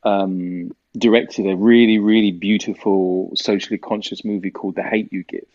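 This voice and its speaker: A British actor from the United Kingdom, giving an interview and telling stories in a rambling way, with many fillers. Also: male voice, on the low side, fairly even intonation, normal speed, darkish tone, dull audio. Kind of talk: casual interview talk.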